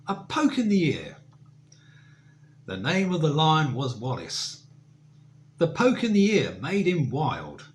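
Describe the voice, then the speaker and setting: A man reciting a comic verse monologue as a birthday tribute, with hesitant asides in between. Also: fairly high pitch.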